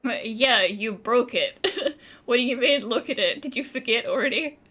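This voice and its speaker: A woman's voice: on the high side, moderate pace, pushed and bright. A woman playing a game on stream, teasing the characters and talking back to them in casual commentary. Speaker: gaming streamer.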